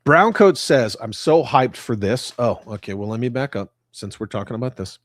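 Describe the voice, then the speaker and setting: A man's voice: mid-range voice, lively intonation, normal speed, no room sound, clean studio sound. A middle-aged man hosting a casual livestream, reading viewer comments and ranting bluntly with lots of profanity. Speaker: livestream host.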